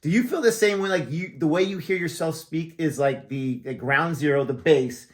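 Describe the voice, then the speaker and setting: A man's voice: on the high side, normal speed. A man from the United States hosting a reaction channel, joking and chatting casually with a friend at that friend's house. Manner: jokey, chatty, laughs often. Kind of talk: casual chat.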